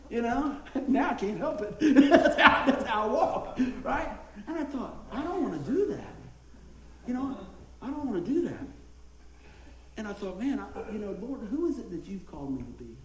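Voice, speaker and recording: A middle-aged man preaching a sermon, telling folksy stories and laughing along the way. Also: very high voice. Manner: folksy storytelling, laughing, animated. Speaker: pastor. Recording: echoey room, mic at a distance.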